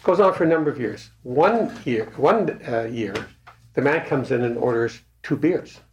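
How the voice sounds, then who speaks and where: A man's voice: mid-range voice, lively intonation, moderate pace. A man speaking casually to a recovery group, hesitant, with many fillers and restarts. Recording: echoey room, faint noise.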